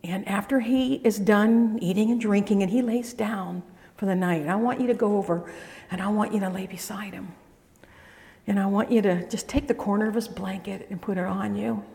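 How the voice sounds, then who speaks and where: A woman's voice: mid-range voice, steady tone, normal speed, creaky, warm tone, close to an everyday voice. Woman preacher doing an old motherly widow bossing her daughter-in-law around, echoey hall. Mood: instructing. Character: older woman, a motherly widow giving firm advice.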